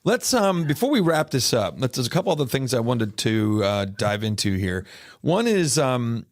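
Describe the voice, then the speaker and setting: A man's voice: medium pitch, very animated. Affirming male podcast host. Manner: affirming, halting with fillers. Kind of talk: podcast interview.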